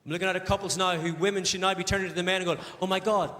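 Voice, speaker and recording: A man's voice: sits high, fairly even intonation, very fast. A male stand-up comedian on a large theatre stage, acting out flustered, indecisive diners in his routine. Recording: echoey theatre with loud audience laughter.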